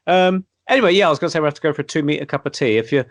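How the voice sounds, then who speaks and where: A man's voice: on the high side, lively intonation, rapid-fire, dry recording. An English man hosting an online panel, joking and chatting with guests. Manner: friendly banter, laughs easily. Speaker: host. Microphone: home computer mic on a video call.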